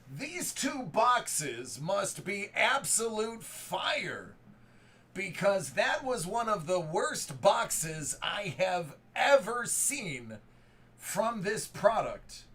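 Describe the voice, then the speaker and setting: A high-pitched man hosts a live sports card break, calling out cards and serial numbers and bursting into hype shouts.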